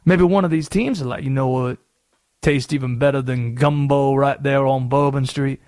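A man putting on a Southern accent to play an excitable conspiracy-theorist sports pundit on a radio show. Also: mid-range voice, dry recording, clean studio sound, pitched below the performer's own voice, close to an everyday voice. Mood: scheming. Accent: American Southern. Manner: fast-talking, drawling, wheedling. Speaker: radio host.

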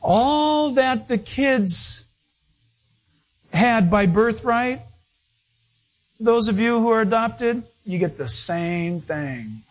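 Middle-aged male pastor, husky high voice, playful storyteller mid-sermon. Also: drawn-out words, pauses often. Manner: storytelling, animated, playful asides.

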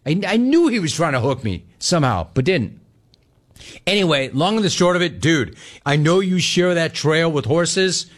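A middle-aged man hosting a call-in sports radio show, talking in a brash, joking, animated way. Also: on the high side, moderate pace.

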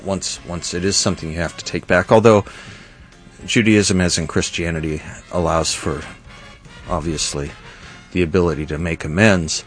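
A man hosting an interview show, musing aloud in a conversational way with hesitant asides. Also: low-pitched. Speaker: host.

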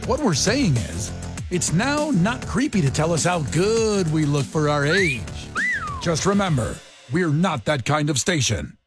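A man announces radio station promos in a high, lively voice, punching each line with emphasis. He takes his time, and a music bed runs loudly beneath him. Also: unhurried.

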